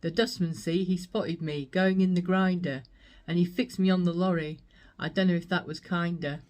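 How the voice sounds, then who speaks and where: A woman's voice: lowish voice, fairly even intonation, moderate pace, darkish tone, lightly acted. A woman reciting a comic poem as a grimy, battered doll on a rubbish lorry, in a sing-song rhythm. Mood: wistful.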